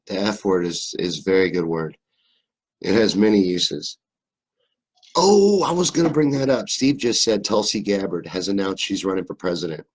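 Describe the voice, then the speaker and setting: A young man with a very low, deep voice and a faint Southern drawl, from Kentucky, hosting a live stream. He reads viewer comments and riffs on them in a loose, rambling way, cracking jokes and swearing freely. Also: breathy edge. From Kentucky, USA. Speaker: livestream host. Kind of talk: casual live-stream chat reading comments.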